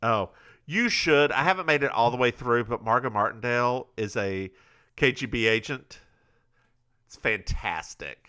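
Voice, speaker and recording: A man's voice: mid-range voice, normal speed, pushed and bright, smooth. A man co-hosting a podcast, recapping a TV episode in casual, rambling, stop-start chat. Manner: says he is bad at accents. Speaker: podcast co-host.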